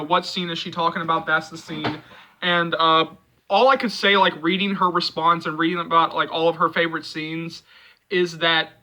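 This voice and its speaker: A man hosting a movie fan channel, reading a book excerpt aloud and then chatting casually about it in an animated way. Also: fairly high pitch, poor audio. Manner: animated, expressive.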